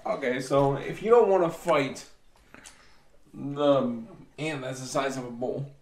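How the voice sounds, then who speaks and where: A man's voice: mid-range voice, unhurried, a little mellow. Easygoing man in an echoey room. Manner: easygoing, laughs often, asks the questions. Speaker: podcast co-host. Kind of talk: casual podcast banter.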